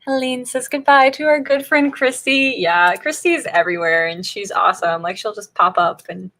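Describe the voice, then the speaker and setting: An animated woman with a mid-range, fairly bright voice speaks at a moderate pace. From Northern Virginia, USA, she hosts a writing-sprint livestream, chatting casually with viewers and laughing often at the chat.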